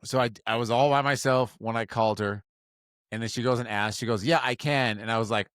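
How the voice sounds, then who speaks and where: A man in his forties from Utah, a podcast co-host telling a story in a casual, self-mocking way and jumping to higher voices for quotes. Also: moderate pace, clear, resonant tone, no room sound, studio quality.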